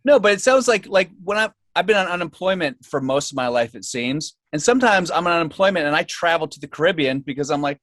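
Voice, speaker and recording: A man co-hosts a podcast with rapid, wry, self-deprecating jokes. His voice sits a touch high for a man, and the sound is dry and close. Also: lively intonation, a bit bright, no room sound. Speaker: podcast co-host. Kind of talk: casual chat.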